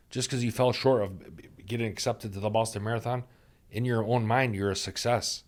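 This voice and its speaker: A man's voice: on the low side, fairly even intonation, brisk. A man, a doctor and podcast guest, earnestly sharing stories and life advice, repeating key phrases for emphasis. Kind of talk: reflective conversational storytelling.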